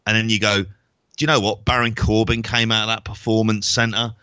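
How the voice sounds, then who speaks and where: A man co-hosting a wrestling podcast, giving wry, measured opinions in casual chat. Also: on the low side, flat delivery, bright, forceful tone, clean tone, dry recording. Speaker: podcast co-host.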